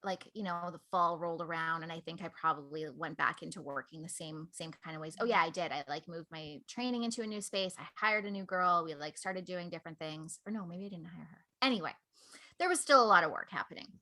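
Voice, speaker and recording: A woman's voice: on the low side, brisk, sharp tone. A woman guest on a podcast, telling a reflective personal story in casual conversation, with lots of "like" fillers.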